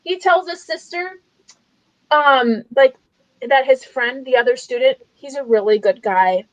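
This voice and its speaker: Woman hosting a book club on a video call, high voice, talks a lot, goes off on tangents. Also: measured pace, no echo, dull audio. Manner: animated, chatty, wanders off on tangents. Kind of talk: casual book club discussion.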